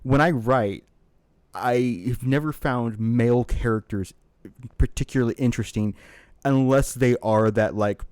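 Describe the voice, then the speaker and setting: A man co-hosting a casual podcast, telling a long, rambling story in an animated way. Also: medium pitch, a little slow, clean tone, no echo. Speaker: podcast co-host.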